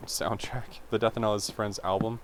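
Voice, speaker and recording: A man's voice: on the low side, level tone, normal speed, background noise. Chatty young man rambling through a story. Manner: chatty, self-interrupting, full of "like". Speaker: vlogger.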